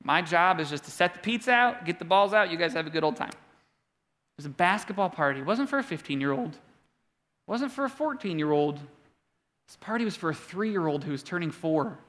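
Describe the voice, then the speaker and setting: Animated man in his thirties preaching. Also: high voice, moderate pace. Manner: animated storytelling with humor. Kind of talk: sermon.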